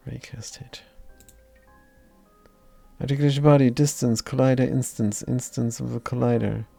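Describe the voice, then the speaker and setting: A man's voice: mid-range voice, steady tone, moderate pace, gravelly, mellow, dry recording, soft background music. A man streaming live, talking through his code as he works and mumbling his thoughts aloud, often trailing off. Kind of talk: live coding commentary.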